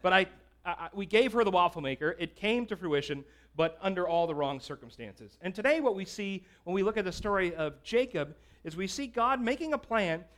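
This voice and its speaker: A man's voice: high-pitched, expressive, fairly quick, fairly bright tone. A man preaching a sermon, telling a personal story in a conversational way with casual fillers. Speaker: pastor.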